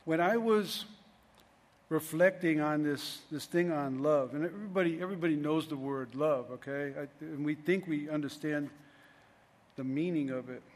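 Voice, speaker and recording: A man's voice: a little high, moderate pace, long reverb tail. A middle-aged man preaching a sermon in a loose, conversational way, often restarting his sentences. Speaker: pastor.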